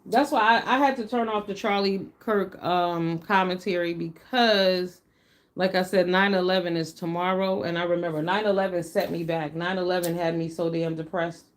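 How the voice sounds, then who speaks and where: Blunt, animated middle-aged woman livestreamer. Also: on the low side, normal speed. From United States. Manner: blunt, animated, swears freely. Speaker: livestream host. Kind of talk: casual livestream talk.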